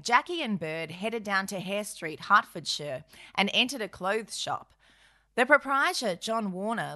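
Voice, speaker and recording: Bright, playful woman storyteller. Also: medium pitch. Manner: playful, wry asides. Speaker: podcast co-host narrator. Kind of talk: comic history storytelling.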